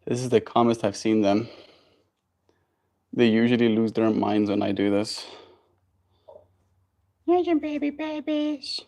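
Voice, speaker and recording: A man's voice: on the low side, flat delivery, normal speed, creaky, long pauses, mellow. A man streaming a daily vlog, talking in a laid-back, slangy, chatty way. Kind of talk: casual vlog commentary.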